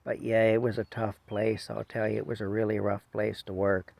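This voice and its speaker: A man's voice: fairly low pitch, flat delivery, normal speed, darkish tone, no room sound. A man in his fifties casually telling a rambling, self-deprecating story from his past. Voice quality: gravelly.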